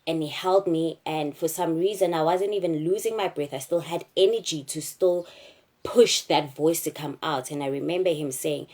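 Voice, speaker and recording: A young South African woman telling a personal story to camera, candid and halting, with frequent fillers. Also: sits low, a little mellow.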